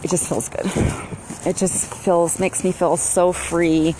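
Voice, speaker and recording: A woman talking to camera at home in a meandering way, with drawn-out words and many fillers. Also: on the low side, little pitch movement, noisy background. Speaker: vlogger. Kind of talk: rambling casual monologue. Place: at home, walking into her garage with dogs barking nearby.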